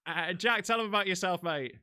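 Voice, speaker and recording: British host, bright, clear voice. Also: male voice, sits high, brisk. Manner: sweary, laid-back banter. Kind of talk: casual chat. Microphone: video call from home.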